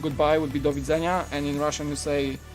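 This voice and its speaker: Man, Polish accent, slightly high voice, relaxed rambling live-stream chat, lots of fillers, faint background music. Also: fast talker. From Poland. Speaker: live-stream host building a toy set. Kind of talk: casual live-stream chat while building.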